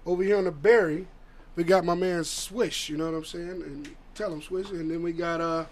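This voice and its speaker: A man's voice: a little high, fairly even intonation, normal speed. A man, a band's vocalist, introducing his bandmates one by one in a laid-back, slangy way in a radio studio. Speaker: band vocalist. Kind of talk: casual band introduction.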